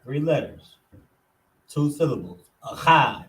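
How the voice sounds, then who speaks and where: A man teaching a class, working slowly and methodically through words syllable by syllable and repeating each one. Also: fairly high pitch, animated. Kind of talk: classroom lesson.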